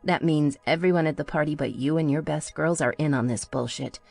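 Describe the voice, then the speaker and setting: A woman's voice: low voice, a little fast, creaky, a little mellow, soft background music. A woman voicing a brash, foul-mouthed young woman from a trailer park, blunt and bossy. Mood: fierce.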